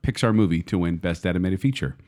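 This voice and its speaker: Fast-talking playful man, low voice. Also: a little mellow. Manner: quick, playful, jokey. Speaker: podcast co-host. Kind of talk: casual chat.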